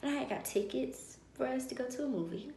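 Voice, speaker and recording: A woman vlogger telling a personal story in a lively way and acting out the dialogue of others. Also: high-pitched, fast, a little hiss or hum. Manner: animated, acts out dialogue. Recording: roomy echo.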